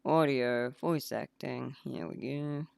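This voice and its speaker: A man's voice: mid-range voice, steady tone, slow, gravelly. A man rambling casually on a game development livestream, laughing at himself as he clicks through files. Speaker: indie game developer streaming.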